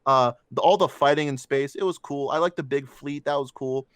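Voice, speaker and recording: A man's voice: mid-range voice, brisk, a bit bright, smooth, no room sound, studio quality. A man co-hosting a casual movie review podcast, ranting with heavy swearing and mocking voices. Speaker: podcast co-host.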